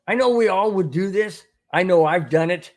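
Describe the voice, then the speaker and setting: A man's voice: high-pitched, normal speed. A middle-aged man hosting a sports podcast, talking casually with many repeats and restarts while greeting viewers in the chat. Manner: rambling, repeats words, reads chat aloud. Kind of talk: casual live-stream talk.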